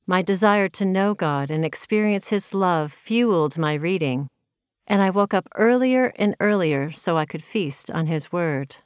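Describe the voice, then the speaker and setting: A woman's voice: lowish voice, no echo, studio quality. A woman from Minnesota reading her own personal story of faith aloud in an earnest, reflective way. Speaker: narrator.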